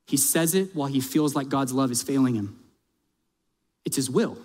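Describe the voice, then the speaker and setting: A man's voice: medium pitch, moderate pace, pauses often, a little mellow, slightly rough. A male pastor preaching a sermon in a conversational, emphatic way, asking his audience direct questions. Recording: long reverb of a large hall.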